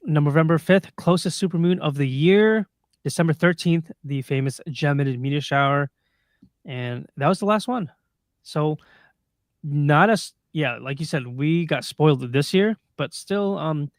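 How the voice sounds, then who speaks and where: Laughing often, a man co-hosting a casual livestream podcast goes down a list of dates for upcoming sky events. His voice is on the high side and his pace moderate. It's a studio-quality recording with no echo.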